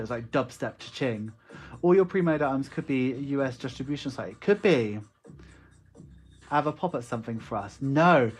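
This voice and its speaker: A man with a West Country accent chatting casually on a live stream as an online shop owner, reading viewer comments aloud and laughing often. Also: medium pitch. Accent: West Country English.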